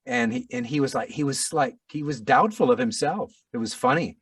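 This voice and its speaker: A middle-aged man, an audiobook narrator, telling a story in a casual interview, animated and self-deprecating with frequent restarts. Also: on the high side, a little fast, gravelly, husky, no echo, distant mic.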